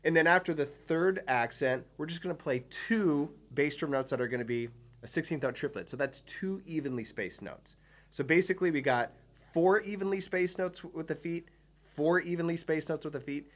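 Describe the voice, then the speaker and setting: A man's voice: fairly high pitch, normal speed. A man giving a drum lesson, explaining patterns step by step with enthusiasm and counting beats aloud. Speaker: drum teacher. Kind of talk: instructional video lesson.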